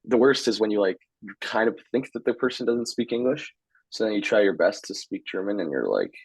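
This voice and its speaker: In a rough recording with no echo, a hockey player in his twenties chats as a podcast guest. His voice is lowish and slightly rough, his pace brisk, and he comes across as relaxed and a little unsure, with filler words and the occasional chuckle.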